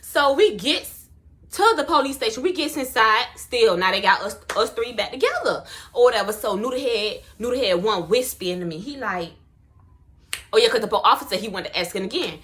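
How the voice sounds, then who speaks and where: A young woman, telling a personal story in a casual, slangy and expressive way. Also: on the high side, fairly quick. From Miami, US. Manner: animated, slangy, expressive retelling.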